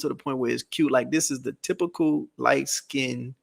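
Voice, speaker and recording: A man's voice: mid-range voice, steady tone, moderate pace, vocal fry, few pauses. A man hosting a reaction show, commenting in a casual, slangy, digressive way. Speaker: host.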